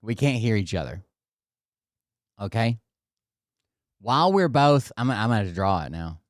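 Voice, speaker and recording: A man's voice: on the low side, very animated, unhurried, no room sound, clean studio sound. A man vlogging from indoors at his home, telling a rambling, profane story straight to his viewers.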